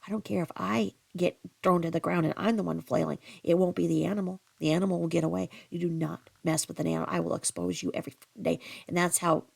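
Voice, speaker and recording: A woman's voice: lowish voice, steady tone, quick pace, vocal fry, few pauses. A woman hosting a commentary channel, ranting bluntly and profanely about another online creator. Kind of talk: angry commentary.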